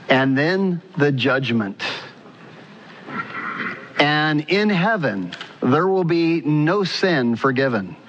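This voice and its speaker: A man's voice: on the high side, a bit bright, slight background noise. A male pastor preaching a sermon in an earnest style, putting questions to the congregation. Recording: muffled sound with long church reverb.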